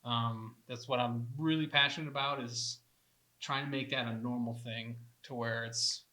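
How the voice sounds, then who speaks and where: A man's voice: mid-range voice, fairly even intonation, moderate pace, bright, forceful tone. A man co-hosting a hockey podcast in a casual, rambling way, often saying "dude". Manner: laid-back, rambling, laughs often, says "dude". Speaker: podcast co-host; veteran warrior hockey organizer.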